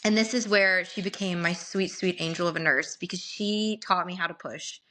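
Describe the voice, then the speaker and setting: Young woman, bright voice, lively podcast storyteller who laughs easily. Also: lowish voice, moderate pace.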